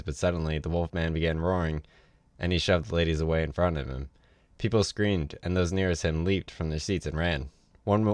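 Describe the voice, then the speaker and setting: A man's voice: deep voice, dry recording. A man reading a novel aloud on a livestream, in a casual way with offhand asides. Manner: casual read with ad-libbed asides. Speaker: reader.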